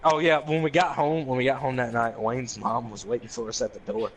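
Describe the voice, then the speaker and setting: A man's voice: medium pitch, fairly quick. A young man telling a profane, laughing story to friends in a casual chat. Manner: profane, laughing, animated retelling with quoted voices.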